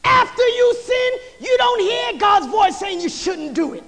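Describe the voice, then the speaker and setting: Preacher with a very high voice, delivering a slow, passionate sermon in a reverberant church, shouts alternating with near-whispers. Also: sing-song. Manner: impassioned, swinging between shouted lines and hushed passages; repetitive, rhythmic build-up of phrases. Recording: long hall reverb.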